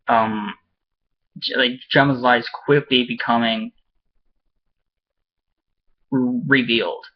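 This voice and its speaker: Rambling man with a dull lo-fi sound. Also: mid-range voice. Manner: rambling and halting, with many restarts; enthusiastic fan, laughs often. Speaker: TV episode reviewer. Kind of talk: casual spoken review. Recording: dull lo-fi recording.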